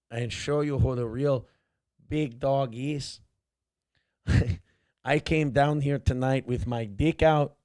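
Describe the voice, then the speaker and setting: Guy doing a slow dark trash-talking dog voice, tough and cocky. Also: medium pitch, dry recording, clean studio sound, pitched below the performer's own voice, natural voice. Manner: brash trash talk, drawn-out delivery. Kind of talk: comic voice for a pet on a livestream.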